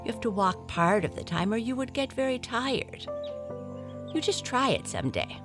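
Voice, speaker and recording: A woman's voice: a little high, sing-song, normal speed, voice pushed up. A woman voicing a worldly young male cat in a storybook, speaking in a knowing, slightly proud way. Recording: clear music behind voice.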